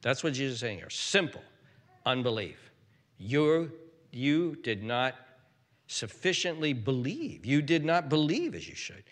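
Animated preacher man in a reverberant hall. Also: mid-range voice, a little slow. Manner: animated, restarts, acts out quotes. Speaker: pastor. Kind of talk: sermon.

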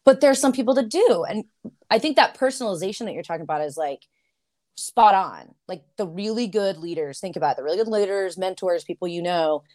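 A middle-aged woman in casual conversation on a podcast, telling stories with lively acted-out dialogue. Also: mid-range voice, a little fast. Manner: animated storyteller, acts out quoted dialogue.

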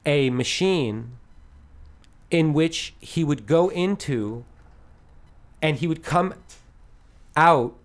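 A man's voice: a little high, animated, very slow, long pauses. A man in his thirties hosting a casual podcast chat, telling rambling stories broken up by laughs. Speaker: podcast host.

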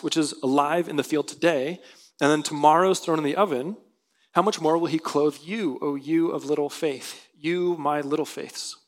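A male pastor preaching a sermon, reading scripture aloud and explaining it earnestly. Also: on the high side. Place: church sanctuary.

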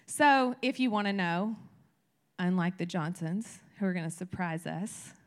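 A woman's voice: fairly low pitch, a little slow. A woman teaching a church congregation in a candid, conversational sermon style, getting emphatic as her energy builds.

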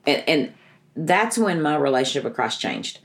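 A woman's voice: low voice, big pitch swings, moderate pace. A middle-aged woman, a guest in an interview, telling her personal story in an earnest, emotional way, often restarting her sentences. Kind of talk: personal testimony in conversation.

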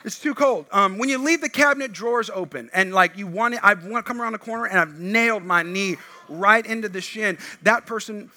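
A middle-aged man preaching a sermon as pastor, animated, swinging between loud emphatic bursts and quiet asides. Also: high voice, fairly quick, hardly any pauses.

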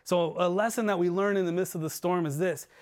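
A pastor delivers an earnest sermon in a notably high voice for a man. He presses his points and then lets his voice fall low and quiet to drive them home. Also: steady tone, fairly quick. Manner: earnest preaching, voice dropping low and soft for emphasis. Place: church livestream.

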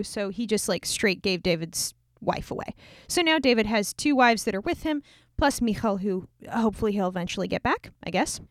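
A woman's voice: medium pitch, animated, normal speed, dry recording, studio quality. A woman retelling a scripture story in a casual, irreverent, slangy way.

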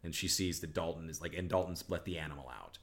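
A man's voice: deep voice, fast talker, a bit bright. A man co-hosting a podcast in casual chat, rambling and restarting his sentences as he retells scenes. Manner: rambling, restarts sentences, acts out movie lines. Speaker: podcast co-host.

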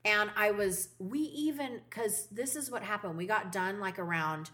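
A woman's voice: mid-range voice, moderate pace, sharp tone. A woman co-hosting a podcast, telling stories in casual chat and swearing freely. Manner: chatty storytelling, swears freely. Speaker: podcast co-host.

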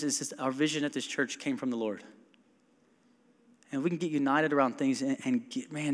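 A man's voice: fairly high pitch, a bit bright. Man preaching in a reverberant church. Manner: casual storytelling, quoting others and asking the crowd. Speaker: pastor. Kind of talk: conversational sermon. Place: church sanctuary. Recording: long church hall reverb.

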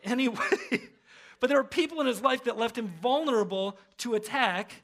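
A man preaching a sermon as pastor, animated and humorous, acting out quoted voices. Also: very high-pitched, brisk.

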